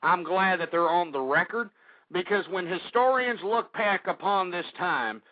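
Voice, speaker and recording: A man's voice: high voice, expressive, a little slow, no echo. Ranting older man on tinny talk radio. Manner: ranting, building to furious shouting; repeats "folks" and "I mean" constantly. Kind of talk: political talk radio monologue. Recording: tinny, dry phone-like line.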